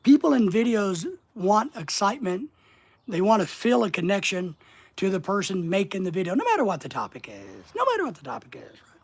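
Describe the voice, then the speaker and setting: A middle-aged man coaching about social media in a folksy, deliberate way, asking his listeners question after question and pausing often. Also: high-pitched, sing-song, slightly rough. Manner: folksy, asks the audience rhetorical questions, slow deliberate pauses. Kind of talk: motivational instructional monologue.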